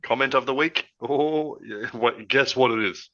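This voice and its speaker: A man co-hosting a podcast in a relaxed, rambling chat from a hot room at home, talking through an old headset. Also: medium pitch, measured pace. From Australia. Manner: rambling, easygoing, laughs often. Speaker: podcast co-host. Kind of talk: casual chat. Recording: lo-fi headset audio.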